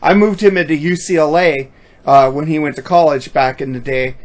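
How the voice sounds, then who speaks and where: Guy co-host rambling about old jobs, cusses nonstop, voice a bit high. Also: moderate pace. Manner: swears a lot, laughs at his own stories. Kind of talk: casual profane chat.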